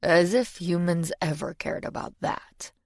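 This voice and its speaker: Brief: woman narrator doing an ancient male demon, urbane and world-weary, lower register. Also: measured pace, no echo. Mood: genial. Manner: polite, dry, gently world-weary.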